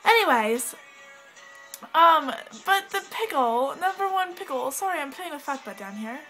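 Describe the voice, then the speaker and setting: A woman's voice: high voice, very animated, normal speed, bright, forceful tone, faint music behind, rough recording. A woman rambling to her camera at home in a put-on English accent, bubbly and scattered, giggling and cutting herself off. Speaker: vlogger. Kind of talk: rambling casual vlog talk. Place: at home indoors, with a cat.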